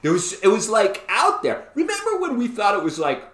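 A man co-hosting a podcast in casual chat. He is excitable, laughs often and his voice leaps up when he tells a story. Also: brisk. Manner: excitable, laughs often, pitch jumps way up when telling stories. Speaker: podcast co-host. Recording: roomy echo.

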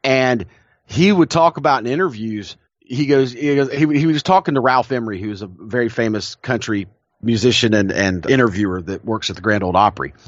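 A man's voice: medium pitch, a little fast, dry recording, muffled recording. Dry-sounding Southern man telling stories. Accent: Southern American. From American South. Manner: enthusiastic storyteller, laughs often. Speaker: podcast co-host. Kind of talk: casual chat.

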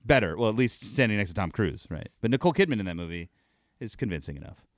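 Casual co-host, man, thirties, playful and profane, very animated intonation, dry sound. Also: fairly low pitch, fast talker, no room sound. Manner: joking, laughs often, swears. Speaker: podcast co-host. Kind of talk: casual chat.

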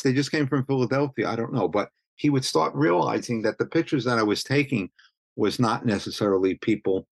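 A man in his 70s from Brooklyn, New York, a street photographer giving an interview, speaks at a moderate pace with a medium pitch and vocal fry, and no room sound. His casual anecdotes ramble, with frequent restarts and plenty of "you know."

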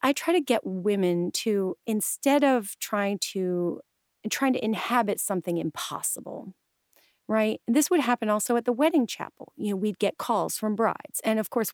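A woman's voice: mid-range voice, lively intonation, moderate pace, darkish tone, no room sound, clean studio sound. A woman guest chatting animatedly in an interview, with many restarts and acted-out quotes. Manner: acts out quoted voices. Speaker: guest, improv coach and stylist. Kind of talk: casual interview chat.

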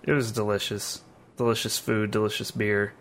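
A man's voice: fairly low pitch, flat delivery, moderate pace, a bit bright, a little hiss or hum. A man on a podcast, chatting about his weekend in a laid-back, easygoing way. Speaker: podcast co-host. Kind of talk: casual chat.

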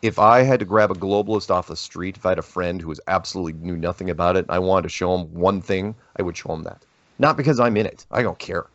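A man as an interview guest, talking casually and telling rambling, animated stories with many restarts. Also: sits low, fast talker, no room sound. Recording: dull lo-fi dry audio.

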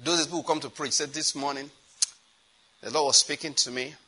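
A preacher delivers an animated sermon, acting out little exchanges as he goes. His voice sits a little high and rings bright and forceful. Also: a little fast, breathy edge. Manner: animated, laughing, acting out dialogue.

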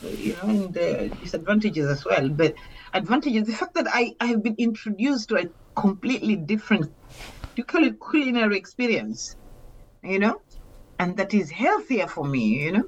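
A woman's voice: mid-range voice, very animated, normal speed, husky. A woman from Kenya, a podcast guest chatting casually and at length, with many fillers and frequent laughs. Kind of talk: casual interview chat. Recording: muffled lo-fi sound.

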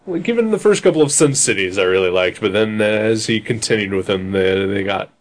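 A man in casual conversation reviewing a film, laid-back and halting, with frequent restarts and laughter. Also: fairly low pitch, expressive. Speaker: podcast co-host. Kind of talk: casual movie review chat.

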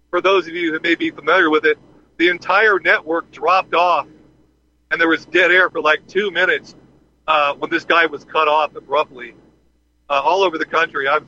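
A man tells a rambling story in a casual, unscripted way, stumbling over fillers and restarts. His voice sits a little high and bright. The sound is dull and lo-fi, like a call coming from underground. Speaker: podcast host. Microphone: phone call from underground.

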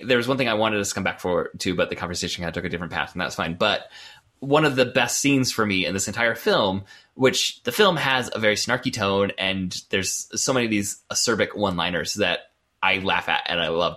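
A man's voice: on the low side, bright, forceful tone. A man co-hosting a podcast, talking casually about a film with frequent laughs and fillers. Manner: chatty, laughs often, many fillers. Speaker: podcast co-host.

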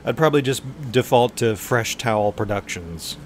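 A man's voice: mid-range voice, animated, normal speed, slight background noise. A man appearing as a guest on a comedy podcast, telling rambling, wry stories in casual chat.

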